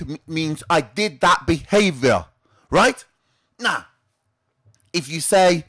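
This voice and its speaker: A man with a high voice that swoops up and down as he teaches. He hosts a weekly trading tip and keeps the talk moving with rhetorical questions that he answers himself. His delivery is lively and animated. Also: takes it slowly, long pauses. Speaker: trading educator and show host. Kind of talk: direct-to-camera teaching talk.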